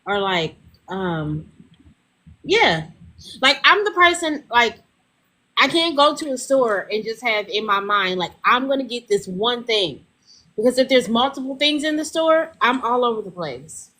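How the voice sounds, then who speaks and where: A woman's voice: on the high side, very animated, unhurried, bright, forceful tone. A woman guest chatting casually, rambling and scattered. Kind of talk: casual chat.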